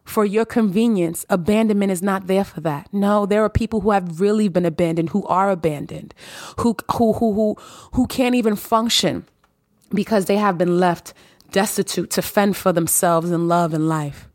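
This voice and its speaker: A woman hosts her own podcast in a solo monologue, preaching with emphasis and circling back on her phrases. Her voice sits at a middle pitch. The recording is close and dry, with no room sound. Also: normal speed, darkish tone, no room sound. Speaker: podcast host.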